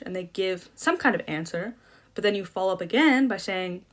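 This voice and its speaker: A woman's voice: mid-range voice, a little fast. A young woman coaching debate, explaining in a casual, chatty way with many fillers and restarts. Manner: chatty, self-deprecating, lots of fillers and restarts.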